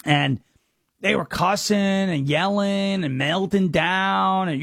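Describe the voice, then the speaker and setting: A man from the United States hosts a political commentary podcast in a mocking, sarcastic ramble. His voice sits high with a gravelly fry, and the sound is close and dry. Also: takes it slowly, fairly bright tone, no echo. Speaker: host.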